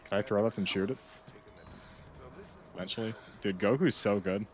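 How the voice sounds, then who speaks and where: A young American man from the United States streams a game, rambling and joking casually as he plays. His voice is fairly low in pitch with a fairly bright tone, and he talks at a moderate pace.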